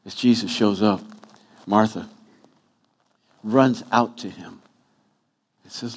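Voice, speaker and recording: A man's voice: lowish voice, steady tone, slow, long pauses, slightly rough. A pastor preaching a sermon, acting out quotes with wide swings in his voice.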